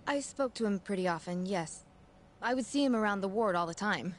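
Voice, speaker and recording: A woman's voice: mid-range voice, expressive, fairly quick, a little hiss or hum, natural voice. A woman voicing a hesitant young nurse. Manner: hesitant and cautious. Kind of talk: game voice acting.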